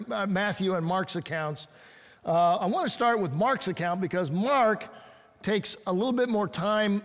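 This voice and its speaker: A man preaching a sermon in a conversational way, reading scripture and acting out the lines he quotes. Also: high voice. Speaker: pastor. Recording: long hall reverb.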